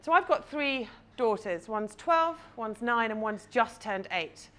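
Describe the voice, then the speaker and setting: A woman's voice: fairly high pitch, expressive, measured pace, a bit bright. A woman in her thirties, a confidence coach, giving a chatty live talk and guiding listeners through an imagined scene.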